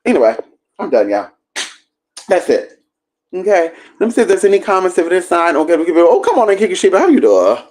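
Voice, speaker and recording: A woman hosting a livestream, telling a story in a sassy, profane, animated way. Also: lowish voice, quick pace. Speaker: livestream host.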